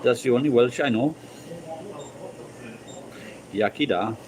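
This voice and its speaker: A man's voice: mid-range voice, normal speed, a crowd in the background, rough recording. British male streamer, casual and profane, rambling chat. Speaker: livestream host chatting with viewers.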